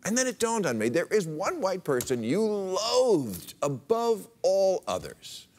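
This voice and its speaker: Sarcastic male host with a high, lively voice. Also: a little slow. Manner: sarcastic, mocking punchline delivery. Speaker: late-night talk show host. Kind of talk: stand-up comedy monologue. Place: TV studio with a live audience. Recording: live studio audience, noisy broadcast. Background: studio audience laughter and applause.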